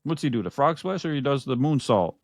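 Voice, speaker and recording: A man's voice: mid-range voice, expressive, brisk, no room sound, studio quality. A man co-hosting a casual wrestling podcast, talking in an easygoing way that is full of fillers and repeated phrases. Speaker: podcast co-host. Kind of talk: casual wrestling prediction chat.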